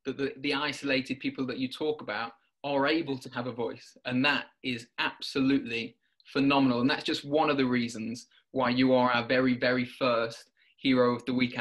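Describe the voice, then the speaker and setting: A man's voice: mid-range voice, a bit bright. A man interviewing a guest, often repeating words as he restarts and chuckling between questions. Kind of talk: warm-up interview chat.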